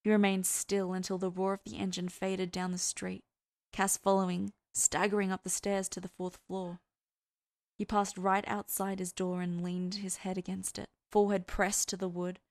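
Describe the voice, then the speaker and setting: A woman who hosts a podcast, narrating fan fiction in a soft, even storytelling way. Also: mid-range voice, moderate pace. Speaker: podcast host and reader.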